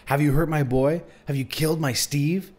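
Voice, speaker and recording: A man's voice: steady tone, moderate pace, a little mellow, close to an everyday voice. A man reading a book aloud, voicing a frantic grieving mother who screeches her accusations. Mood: hysterical. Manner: shrill, accusing, repeating herself.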